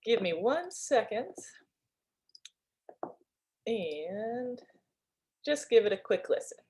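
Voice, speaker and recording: A woman's voice: on the high side, sing-song, slow pace, a little mellow. A woman leading an online club meeting as toastmaster, chatty and upbeat, talking over a video call. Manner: chatty, upbeat, with fillers and laughs.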